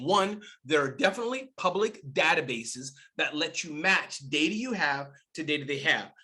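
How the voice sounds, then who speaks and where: A middle-aged man giving an energetic webinar talk, exclamatory and animated, swinging between loud bursts and soft asides. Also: fairly high pitch. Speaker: guest speaker.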